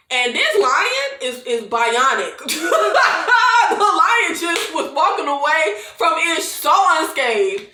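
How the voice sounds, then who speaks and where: Animated chatty woman, echoey room. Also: high-pitched. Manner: animated, chatty, addresses viewers as y'all, laughs often. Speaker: movie reviewer. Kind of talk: casual movie recap.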